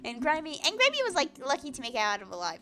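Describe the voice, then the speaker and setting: A woman putting on a bouncy, gushing teenage girl who talks high and fast, with a bright, eager lift on every line. She reads out a dating game with a quick, chatty energy. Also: wildly swooping pitch, full character voice. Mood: excited. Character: bubbly excitable teenage girl.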